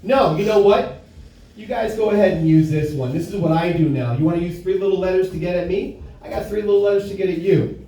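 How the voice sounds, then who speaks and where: A man's voice: sits high, fast talker, dark tone, heavy reverb. A young adult man doing a brash, profane stand-up set in a bar, recorded live from a distance. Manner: brash, profane, self-mocking. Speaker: stand-up comedian. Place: bar comedy stage with live audience.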